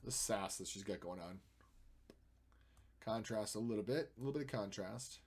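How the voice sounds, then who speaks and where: A man streaming while he edits photos, chatting and thinking aloud, with playful sound effects and jumps between loud and quiet. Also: fairly low pitch, moderate pace, slightly rough. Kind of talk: casual live-stream commentary.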